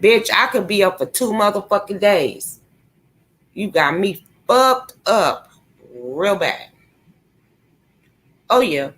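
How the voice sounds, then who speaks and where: A woman's voice: medium pitch, lively intonation, slow, long pauses, a bit bright. A young woman vlogging a confrontational, profane rant, taunting and cursing at someone she calls out. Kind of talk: angry profane rant to camera.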